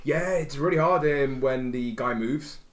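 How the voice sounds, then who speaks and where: A man playing a board game, chatting in a relaxed way and trailing off with fillers. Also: mid-range voice, unhurried, over a noisy crowd. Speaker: player. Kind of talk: casual chat at the game table.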